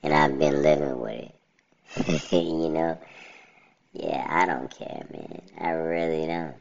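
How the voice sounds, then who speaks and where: A man hosting a casual solo podcast through a pitched-down robotic voice filter. He talks bluntly and rambles, often asking "you know what I'm saying". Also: fairly even intonation, slow pace, gravelly, darkish tone, muffled recording. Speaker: podcast host.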